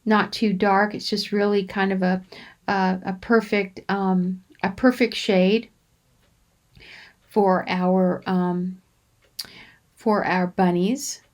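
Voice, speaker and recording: Unhurried woman narrating a craft demo. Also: mid-range voice, flat delivery. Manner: unhurried, rambling, frequent ums and restarts. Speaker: crafting channel host. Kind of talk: relaxed coloring demonstration voice-over.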